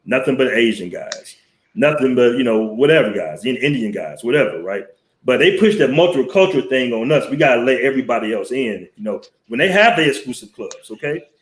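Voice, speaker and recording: This is a host from the Southern US, swapping stories on a live stream through a headset mic and headphones, blunt, profane and talkative. His medium-pitched voice is expressive and fairly quick, with noticeable reverb.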